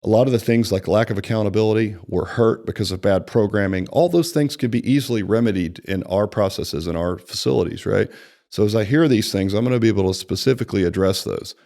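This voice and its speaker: A man with a lowish voice coaches staff on the sales conversation in an easy, talky way. He acts out both sides of the client meeting with animated shifts and keeps checking in with a quick "right?". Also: vocal fry. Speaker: personal training franchise executive. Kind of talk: conversational sales training talk.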